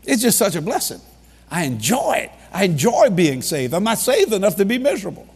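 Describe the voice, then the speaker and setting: Male preacher, husky and animated, funny storyteller, big echoing hall. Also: sits high, brisk. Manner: animated, repeats key lines for emphasis. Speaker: preacher leading a ministry. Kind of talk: humorous storytelling sermon. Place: large hall with an audience. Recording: long reverb of a large hall.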